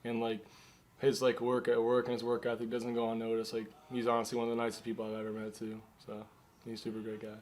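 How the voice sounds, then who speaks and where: A man's voice: mid-range voice, completely flat delivery, quick pace, a little mellow, a little hiss or hum. A teenage man who is a teammate, talking casually with lots of filler words.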